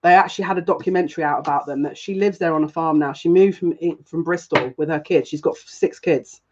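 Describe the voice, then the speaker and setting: A woman's voice: low voice, a little fast, noisy background. A woman giving a casual live tarot reading as a psychic, chatty and rambling with frequent giggles. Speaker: psychic reader. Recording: dull lo-fi sound.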